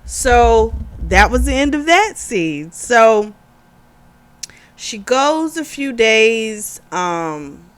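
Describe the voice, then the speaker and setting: A woman giving a casual spoken book review, retelling the plot in a chatty, animated way. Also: a little high, very slow, clean tone.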